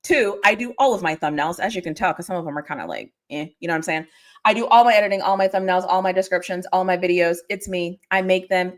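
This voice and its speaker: A woman hosting a casual football livestream, chatty and playful, laughing often and repeating her phrases. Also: on the low side. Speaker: host. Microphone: desk or portable mic.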